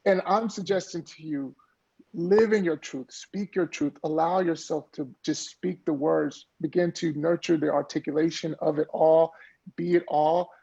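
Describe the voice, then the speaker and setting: A man with a high, gravelly voice talks earnestly as a guest, coaching listeners with motivational warmth of conviction. His tone is husky, and he often repeats a word while he finds his point. The audio is dull and lo-fi. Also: steady tone, moderate pace. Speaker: podcast guest, mindfulness coach. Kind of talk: conversational interview.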